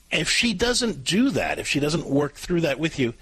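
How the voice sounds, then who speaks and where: Man, radio co-host, parenting advice, husky, animated pitch. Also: moderate pace, few pauses, no echo, low-quality recording. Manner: earnest, coaching, repeats and restarts. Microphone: studio mic.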